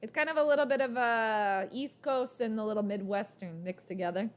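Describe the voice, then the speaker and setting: A woman's voice: medium pitch, brisk. A young woman hosting a live sports reaction stream, chatting in a rambling, playful way. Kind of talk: casual live-stream chat.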